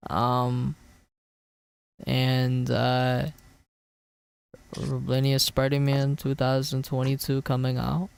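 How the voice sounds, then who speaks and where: A man's voice: medium pitch, completely flat delivery, slow, gravelly, long pauses, clear, resonant tone, dry recording. Chatty young male podcast host. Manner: chatty, swearing, trailing off with ums. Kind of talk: casual podcast chat.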